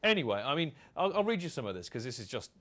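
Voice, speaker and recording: Rambling podcast host. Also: male voice, medium pitch, big pitch swings, quick pace, a bit bright. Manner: rambling, chatty, does comic voices when quoting. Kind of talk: casual fan podcast chat.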